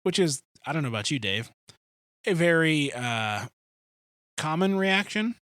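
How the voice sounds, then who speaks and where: A man hosting a podcast, telling a story in an animated, joking way in casual discussion. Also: a little high, a little slow, clear, resonant tone, no room sound, clean studio sound. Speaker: podcast host.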